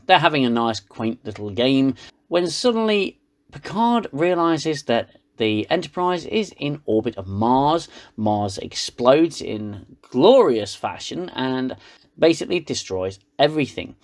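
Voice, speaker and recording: A man's voice: medium pitch, big pitch swings, measured pace. A man with a British accent giving a sarcastic, rambling comedic recap of a TV episode. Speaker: reviewer.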